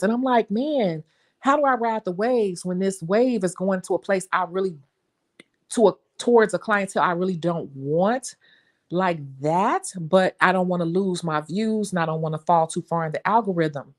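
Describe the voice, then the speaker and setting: A young adult woman with a Chicago accent, a nail technician chatting to her viewers in an animated, talkative way. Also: fairly low pitch, normal speed. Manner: chatty, animated storytelling, says y'all. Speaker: nail technician and channel host. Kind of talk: casual chat to viewers.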